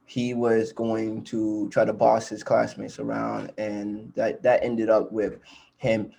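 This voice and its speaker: A man's voice: lowish voice, monotone, slow pace, gravelly, mellow. A young man, co-hosting a podcast and telling a rambling, casual story full of fillers. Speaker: podcast co-host.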